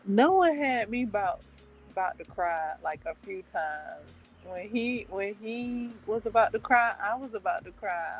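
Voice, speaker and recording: A woman talking slowly and casually, drifting from thought to thought with lots of fillers and restarts. Her voice sits at an ordinary middle pitch. Soft music plays faintly behind her. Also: lively intonation, poor audio. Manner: meandering, hesitant, many fillers and restarts. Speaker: book club channel host. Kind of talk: casual chat.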